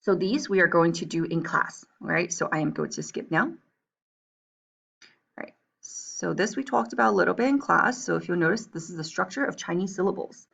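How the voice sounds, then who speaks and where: A woman's voice: on the low side, expressive, fairly quick, creaky, a bit bright. A woman with a New Jersey accent, teaching a recorded language lesson and checking in with "right?" and "okay?" as she explains. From grew up between Taiwan and the United States. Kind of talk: recorded lesson, reading from a textbook.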